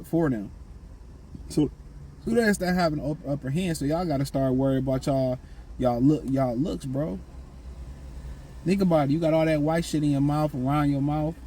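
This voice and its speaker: A man's voice: fairly high pitch, mellow, slight background noise, poor audio. A man giving blunt, slangy dating and self-improvement advice in a casual, repetitive monologue.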